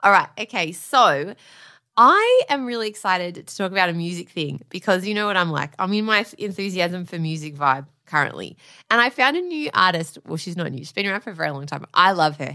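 A woman in her thirties co-hosting a casual chat show, bubbly, enthusiastic and quick to giggle. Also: mid-range voice, sharp tone. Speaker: podcast co-host.

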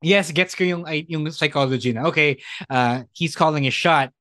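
Man in a lively podcast chat. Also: a little high, moderate pace, dry recording, clean studio sound. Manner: mixes English and Tagalog, animated and laughing. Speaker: podcast co-host. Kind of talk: casual chat.

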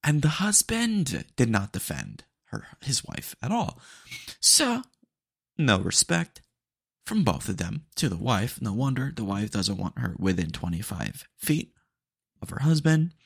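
Animated young man with a gravelly voice. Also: mid-range voice, unhurried, no echo, clean studio sound. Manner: chatty, animated, slangy with frequent fillers. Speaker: podcast host. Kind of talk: casual storytelling monologue.

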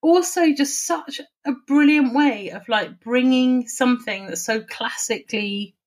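A woman's voice: high voice, unhurried. Chatty woman telling a story. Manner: animated storytelling with swearing and laughter. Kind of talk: casual chat.

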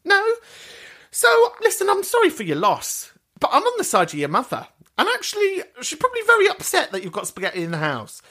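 A podcast host in casual, crude chat, answering listener messages with theatrical camp. His pitch swings wildly from low grumbles up to high squeals. He is playful and mocking throughout. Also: huge pitch swings, quick pace, pushed and bright.

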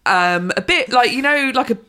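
Bright, bubbly woman. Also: fairly high pitch, moderate pace, smooth. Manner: bubbly, excitable storytelling. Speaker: podcast co-host. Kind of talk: casual pub-style chat.

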